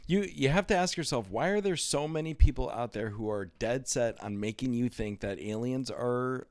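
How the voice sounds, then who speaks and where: A man's voice: medium pitch, moderate pace, darkish tone, no echo. A man who is a guest on a podcast, talking in casual chat and arguing his opinions with some swearing.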